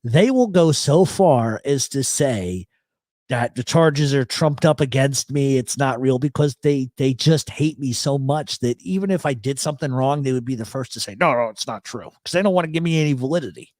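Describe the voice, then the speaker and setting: A man's voice: mid-range voice, moderate pace, dry recording, studio quality. A man hosting a live radio chat show, telling stories and reading chat messages aloud, heavy on profanity. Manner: profane, storytelling, animated.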